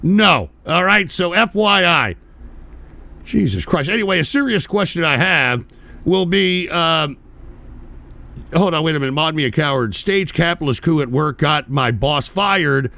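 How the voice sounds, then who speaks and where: A man's voice: fairly high pitch, unhurried, vocal fry, dry recording. A man hosting a live political talk stream, ranting bluntly with heavy swearing and reading out viewer donations. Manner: blunt, profane, animated ranting. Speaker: political talk show host.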